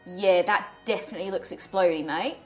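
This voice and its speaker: A woman playing a tabletop game, cheeky and quick to laugh. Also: on the low side, soft background music. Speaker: player.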